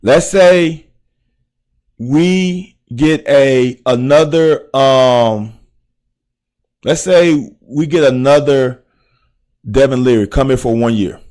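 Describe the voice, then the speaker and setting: A middle-aged man with a Southern American accent, once a player, hosts a casual, profane live stream breaking down game film for his chat. His voice is medium-pitched, slow, a little mellow, with frequent pauses. He's blunt and speaks straight to viewers.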